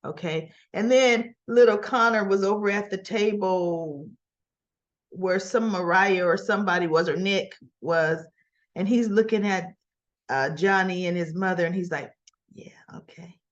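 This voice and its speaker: A woman's voice: a little high, muffled recording. A woman in a casual, chatty recap vlog, retelling scenes and paraphrasing the dialogue. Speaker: soap opera recap vlogger.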